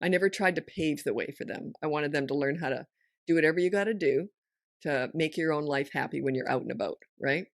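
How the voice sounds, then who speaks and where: Frank, lively woman parenting coach. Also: deep voice, dry recording, clean studio sound. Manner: frank, lively storytelling with quick asides. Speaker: parenting coach and podcast host. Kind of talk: casual podcast chat.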